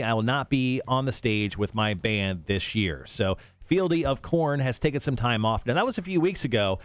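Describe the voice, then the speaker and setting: A man's voice: medium pitch, no echo. A man hosting a morning radio show, teasing his co-hosts in casual banter and reading music news with lots of fillers.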